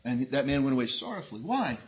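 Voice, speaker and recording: A man preaching a sermon in an animated way, acting out the voices of people in the story he tells. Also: medium pitch, fast talker. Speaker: pastor.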